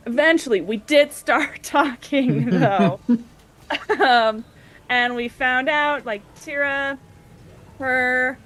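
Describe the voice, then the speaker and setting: A woman's voice: high voice, drawn-out words, long pauses, a bit bright. A woman casually recapping a tabletop game session, chatty and giggly, briefly acting out the party members' lines. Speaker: player recapping the previous session.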